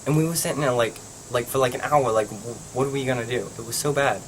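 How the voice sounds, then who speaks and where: A young man from Pennsylvania tells a rambling vlog story in a mid-range voice, speaking fast and stuffing it with "like." There's a little hiss or hum in the recording.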